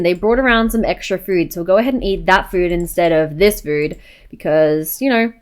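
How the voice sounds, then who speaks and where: A woman's voice: lowish voice, moderate pace. Chatty woman narrating a game. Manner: chatty, repeats "go ahead and". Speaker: gameplay narrator. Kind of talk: casual game commentary.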